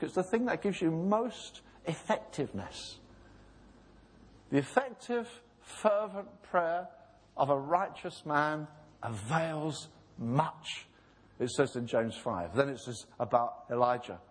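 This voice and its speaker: A man's voice: on the high side, expressive, slow, breathy edge. A man preaching a sermon in a church, impassioned and pleading, acting out voices in retold scenes. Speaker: pastor.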